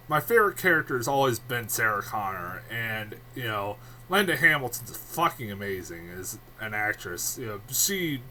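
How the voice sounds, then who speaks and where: A man's voice: medium pitch, pushed and bright, slight background noise. A man giving a casual, rambling film review, swearing freely and laughing often.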